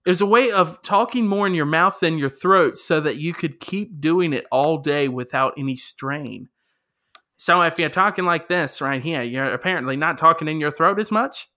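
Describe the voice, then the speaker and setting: A man co-hosting a casual podcast, talking in an animated way, laughing often and reading questions aloud. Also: on the high side, normal speed. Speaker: podcast co-host. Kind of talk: casual chat.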